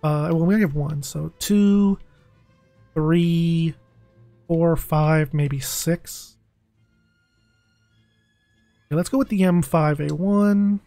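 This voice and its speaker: A young man streaming a video game, talking casually and excitably, pleading with the game and groaning dramatically over a loss. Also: fairly high pitch, slow, no room sound, faint music behind. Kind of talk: casual live-stream commentary.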